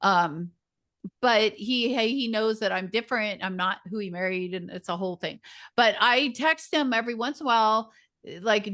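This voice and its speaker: A woman's voice: mid-range voice, moderate pace, fairly bright tone. A woman leading a community group on a video call, talking casually and animatedly, often mimicking other people's voices.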